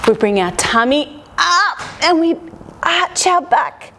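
Lively high-voiced woman leading kids' yoga. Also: takes it slowly, a little hiss or hum. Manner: playful, animal sound effects. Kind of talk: guided children's yoga lesson.

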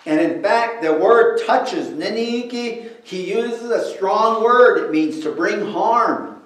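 A male preacher delivers a bilingual sermon at an unhurried pace, stressing each point. His voice sits a little high for a man. He is heard from some distance off the mic, in a space with heavy echo. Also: lively intonation, a bit bright. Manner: slow, emphatic teaching, alternating English with another language.

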